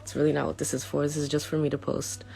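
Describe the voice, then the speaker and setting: A woman's voice: low voice, little pitch movement, fast talker, vocal fry, warm tone, soft background music. A young woman reading out a prepared statement to her followers, earnest and a little hesitant, often stopping to restart her sentences. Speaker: vlogger.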